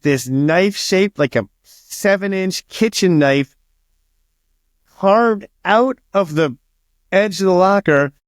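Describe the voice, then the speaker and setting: A man's voice: a little high, dry recording, studio quality. A man being interviewed as an author, telling stories casually, swearing freely and acting out what others said. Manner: swears freely and acts out quoted dialogue.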